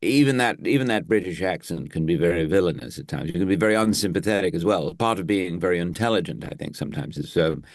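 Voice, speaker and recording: A man's voice: low voice, lively intonation, fast talker, few pauses, no echo, clean studio sound. A man, an actor and impressionist, chatting as an interview guest in a rambling, easygoing way with easy laughs. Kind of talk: casual interview chat.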